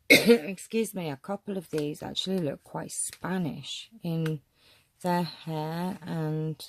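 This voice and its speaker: Woman, low and mellow, easygoing show-and-tell chatter, keeps clearing her throat. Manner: chatty, musing aloud, frequent throat clearing. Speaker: vlogger showing a photo collection. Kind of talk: casual show-and-tell commentary.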